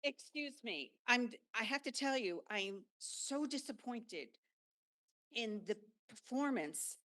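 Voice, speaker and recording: A woman's voice: on the high side, expressive, takes it slowly, fairly bright tone. An older woman, a longtime resident, giving a frustrated but polite comment at a town meeting.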